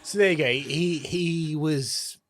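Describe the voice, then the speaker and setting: A man's voice: on the high side, slow, very noisy. A man hosting a podcast, explaining things in an easygoing, casual way and laughing along with his co-host. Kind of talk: casual chat.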